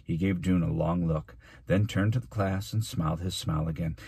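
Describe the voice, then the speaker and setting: Reading aloud from a children's novel, the teacher keeps to a normal speed and a calm, steady storytelling style. The recording of his deep, husky voice is close and dry, without any room sound.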